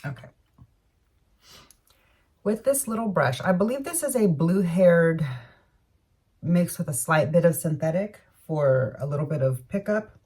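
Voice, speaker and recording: A woman's voice: fairly low pitch, animated, measured pace, long pauses, darkish tone, breathy edge, distant mic. A woman beauty vlogger talking casually through her makeup routine, rambling and correcting herself with murmured asides. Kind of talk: casual makeup tutorial chat.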